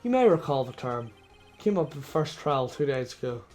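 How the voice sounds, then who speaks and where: A man voicing a confident young male defense attorney who argues steadily and methodically, his voice a little hoarse. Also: medium pitch, big pitch swings, moderate pace, darkish tone, faint music behind, close to an everyday voice.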